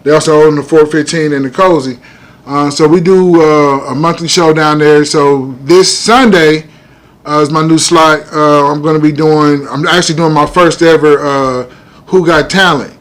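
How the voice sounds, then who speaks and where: A male comedian from Omaha tells a personal story on a casual podcast. His voice sits high for a man, and he curses freely. He grows louder and more animated when the story gets wild. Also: moderate pace. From Omaha, Nebraska. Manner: animated, profane storyteller, loud when excited. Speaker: guest comedian.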